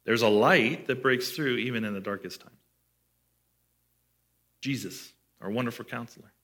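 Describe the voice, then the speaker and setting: A man's voice: medium pitch, moderate pace, fairly bright tone. A man preaching a sermon as pastor, conversational and asking his listeners questions.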